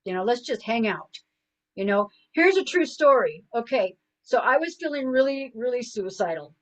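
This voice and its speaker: A woman's voice: on the high side, poor audio. A middle-aged woman, a guest coach, telling personal stories in an earnest, conversational way, full of "you know". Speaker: guest, suicide prevention coach. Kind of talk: conversational storytelling.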